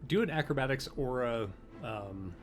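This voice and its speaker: A man's voice: mid-range voice, expressive, moderate pace, faint music behind. A man narrating a tabletop game as game master, in a loose, chatty way. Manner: loose and conversational, many fillers.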